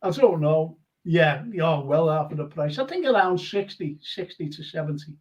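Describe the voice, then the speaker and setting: An older man runs a live football fan chat, rambling through anecdotes with frequent laughter. His voice sits high for a man. The audio is muffled and lo-fi, like a stream. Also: animated, moderate pace. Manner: chatty storyteller, laughs often. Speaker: host.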